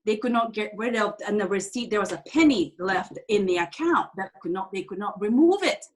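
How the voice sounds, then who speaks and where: A woman in a group conversation tells a heartfelt story in halting speech, with frequent restarts and loose grammar. Her pitch sits in an ordinary middle range. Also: animated. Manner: halting, restarts sentences, non-standard grammar. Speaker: group participant sharing a story. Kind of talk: casual personal storytelling.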